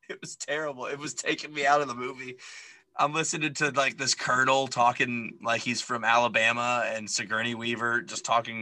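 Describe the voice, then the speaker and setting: A man's voice: mid-range voice, poor audio. A man co-hosting a podcast, recapping a movie in casual, opinionated chat full of fillers. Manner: opinionated, animated, lots of fillers. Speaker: podcast co-host.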